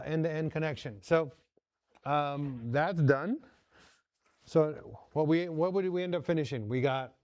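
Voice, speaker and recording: A man's voice: a little high, a little mellow, smooth, no room sound. A man hosting a casual workshop vlog from his home garage shop, talking viewers through each step as he works. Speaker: host.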